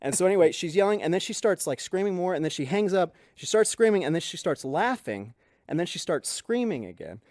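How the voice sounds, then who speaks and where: A man spins a story on a podcast, slipping into the voices of the people in it. His voice sits a little high and swings widely. The sound is dry and close to the mic. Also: a little fast, no room sound. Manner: animated storyteller acting out quoted people. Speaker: podcast co-host. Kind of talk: casual storytelling. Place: podcast studio.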